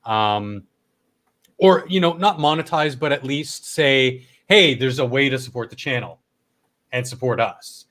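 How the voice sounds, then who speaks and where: A man's voice: medium pitch, unhurried, a bit bright. Stuffed-up, coughing male stream host. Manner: rambling, coughs, swears casually. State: stuffed up, throat worn from talking. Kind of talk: casual late-night stream chat.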